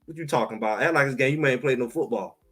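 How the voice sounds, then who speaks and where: A man co-hosting a sports talk show in casual, emphatic chat, trash-talking and animated. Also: mid-range voice, rapid-fire, slightly rough.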